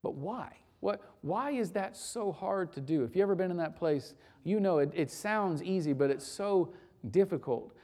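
Pastor, male, sermon delivery: emphatic, rhetorical questions, loud peaks dropping to hushed lines. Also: expressive, moderate pace. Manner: swings from loud urgent peaks to low quiet lines.

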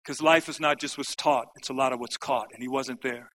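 A man's voice: mid-range voice, fairly even intonation, fairly quick, fairly bright tone, a little hiss or hum, rough recording. Man telling his life story to a crowd. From United States. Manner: storytelling, briefly acts out quoted lines. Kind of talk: personal testimony talk.

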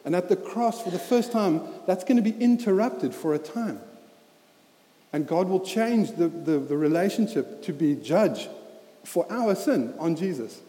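This preacher's voice is high-pitched and dark-toned, with lively intonation and a slightly slow pace, ringing in a reverberant church hall. His sermon is earnest and conversational, plain in wording, peppered with "you know" and repetitions.

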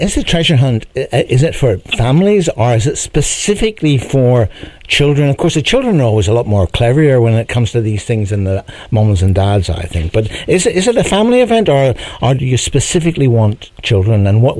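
Male breakfast radio host, chatty and animated, dry close studio mic. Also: mid-range voice, a little fast, no room sound. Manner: chatty, chuckling, lively. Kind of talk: casual radio interview.

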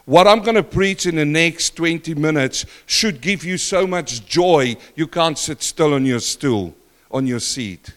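An older man preaching a sermon in church, questioning the congregation and swinging between loud and soft. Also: on the high side, animated, measured pace. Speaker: pastor.

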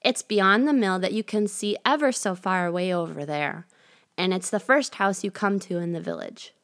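A woman's voice: medium pitch, moderate pace, a bit bright, natural voice. A woman voicing a naive, trusting little girl in a storybook reading. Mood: chatty. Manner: wondering, naive. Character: innocent trusting little girl, wide-eyed.

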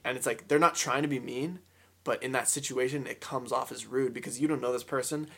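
A man's voice: medium pitch, fairly even intonation, brisk, fairly bright tone, breathy edge. A young man chatting casually as a podcast co-host, giving earnest advice. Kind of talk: casual chat.

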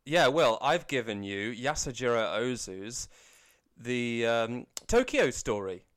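A man co-hosting a podcast, with dry, deadpan humour in casual banter. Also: medium pitch, slow pace. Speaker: podcast co-host.

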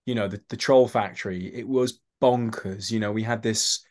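A man with a London accent, an actor telling animated anecdotes in a podcast interview, often restarting his sentences and acting out the voices of the people in his stories. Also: lowish voice, moderate pace. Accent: London English. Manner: animated storyteller, acts out quoted voices, many restarts. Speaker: actor guest.

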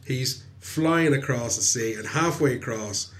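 Animated Irish male storyteller. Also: mid-range voice, measured pace. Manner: animated and chatty, laughing often. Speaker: podcast host, storyteller. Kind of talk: casual storytelling chat.

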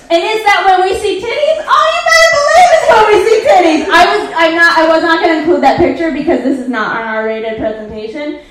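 Woman comic, high voice, sarcastic and foul-mouthed; live set in a booming, reverberant club room. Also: brisk, hardly any pauses, a bit bright, slight background noise. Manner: sarcastic, profane, laughing asides. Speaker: comedian presenting slides. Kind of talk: live stand-up movie recap. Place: live comedy venue.

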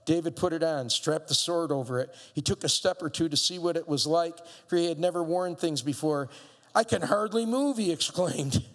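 A man preaching a sermon, acting out biblical voices and building up to shouts with playful asides. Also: a little high, brisk, few pauses. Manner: acts out voices of biblical figures. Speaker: pastor. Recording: long hall reverb.

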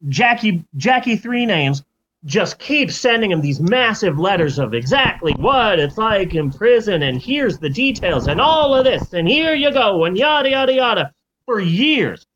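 Give me a playful male podcast host with a lively, fairly high voice. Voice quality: playful, jokey. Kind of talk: comedic storytelling. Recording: lo-fi recording.

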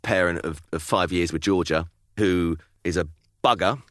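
A man's voice: low-pitched, moderate pace, fairly bright tone, no room sound, clean studio sound. A British man in his thirties, a podcast co-host, chatting casually and acting out quotes from his kids. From United Kingdom. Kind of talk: casual chat.

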